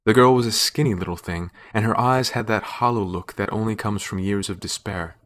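Man, story narrator, somewhat low pitch, measured, wry delivery. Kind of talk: scripted narration.

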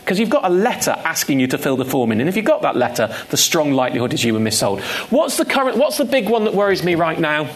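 A man's voice: on the high side, very animated, quick pace, few pauses. A man speaking as a guest at a live on-stage conversation, emphatic and repeating key points for stress. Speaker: guest speaker, consumer finance campaigner.

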